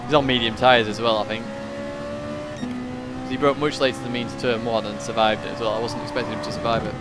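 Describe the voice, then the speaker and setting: A man's voice: medium pitch, level tone, fast talker, loud music behind the voice. A man commentating live on his own sim race and chatting with viewers, with mumbled asides as he drives. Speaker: sim racing streamer. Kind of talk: live gameplay commentary, reading chat. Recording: racing game engine noise behind. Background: car engine sounds from the game.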